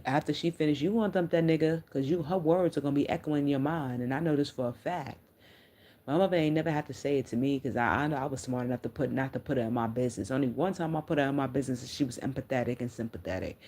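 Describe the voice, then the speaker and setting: In a warm bass voice and at a quick pace, a middle-aged woman livestreams casually, spinning candid stories. She's blunt and profane, firing back at comments from her viewers.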